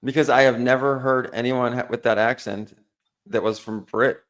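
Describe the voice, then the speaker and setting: Man hosting a stream debate, talks in loose rambling starts and stops, mid-pitched. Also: fairly even intonation, moderate pace, a bit bright. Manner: rambling, restarts his sentences constantly. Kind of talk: live-stream debate banter.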